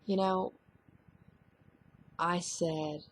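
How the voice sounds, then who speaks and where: A middle-aged woman sharing a personal testimony to camera, halting and soft-spoken, often trailing off. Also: lowish voice, fairly even intonation, slight background noise.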